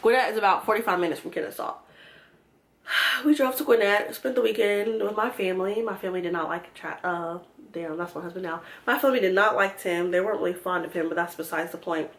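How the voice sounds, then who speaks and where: A woman's voice: medium pitch, brisk, a bit bright. Casual young woman ranting to viewers, cussing, exasperated storytime vlog. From Georgia, US. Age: young adult. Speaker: vlogger.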